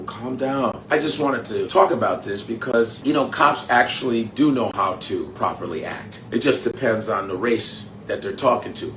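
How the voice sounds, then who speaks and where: A man telling a story in a casual, profane rant, animated and blunt. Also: medium pitch. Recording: roomy with faint background noise.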